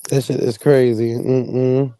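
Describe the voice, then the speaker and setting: Mellow man cracking jokes. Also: medium pitch, little pitch movement, clear, resonant tone, no room sound. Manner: joking, teasing, quick comebacks. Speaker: guest on stream. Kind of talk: casual chat.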